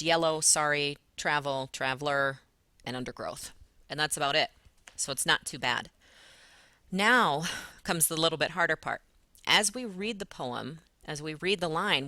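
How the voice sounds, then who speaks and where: A woman's voice: deep voice, pushed and bright, no room sound. A woman teacher patiently walking students through a poem step by step in a recorded lesson. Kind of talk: recorded lesson explaining poetry.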